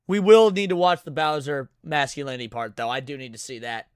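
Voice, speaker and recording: A man's voice: mid-range voice, fairly quick, clear, resonant tone, dry recording. A man streaming live, reacting to clips with brash, profane, emphatic casual commentary into a close mic.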